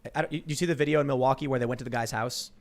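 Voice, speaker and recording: A man hosting a political talk show, telling stories in a fast, animated way with stammered restarts. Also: mid-range voice. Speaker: podcast host.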